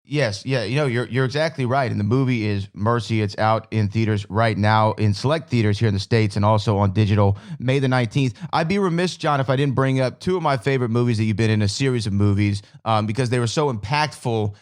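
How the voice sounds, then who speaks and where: A man's voice: lowish voice, fairly quick, hardly any pauses. A man hosting an interview, asking enthusiastic questions full of praise. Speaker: interview host.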